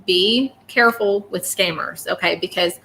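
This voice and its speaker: A woman's voice: medium pitch, normal speed, pushed and bright, slight background noise. A woman talking casually and emotionally on a live stream, apologetic and rambling as a psychic reader.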